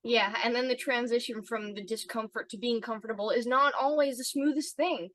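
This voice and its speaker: A woman from Long Island hosts a podcast in a bright, fairly high voice. She chats and giggles often, and her voice sounds dry and close. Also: brisk, no echo. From Long Island, United States. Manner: giggly, chatty, laughs often. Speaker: podcast host. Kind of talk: casual chat.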